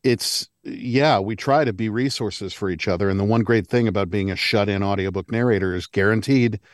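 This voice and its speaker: A man's voice: lowish voice, normal speed, no echo, studio quality. A man, an audiobook narrator, speaking earnestly and emphatically in a podcast discussion.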